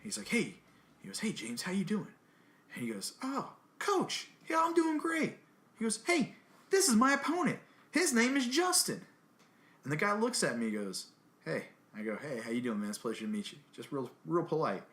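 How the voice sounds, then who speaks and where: With a slightly high voice and a slightly quick delivery, a man co-hosting a podcast spins a story in casual conversation. He animates it by acting out the quoted voices.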